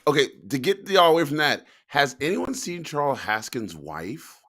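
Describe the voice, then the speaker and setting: A man's voice: fairly high pitch, big pitch swings, normal speed, a bit bright. A man co-hosting a casual talk show, telling stories in a laid-back, profane way. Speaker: podcast co-host. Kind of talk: casual chat.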